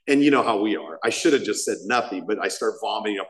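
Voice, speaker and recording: A man's voice: fairly low pitch, fast talker, few pauses. Rambling, chuckling middle-aged man. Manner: rambling, self-deprecating, chuckling. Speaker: main speaker at a recovery meeting. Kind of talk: personal recovery share, casual storytelling.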